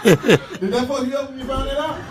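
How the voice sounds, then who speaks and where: High-voiced guy cracking up through a raunchy story, echoey room, crowd noise all over. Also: fairly quick, distant mic. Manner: crude, laughing, animated storytelling. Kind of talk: comic storytelling. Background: crowd and ambience.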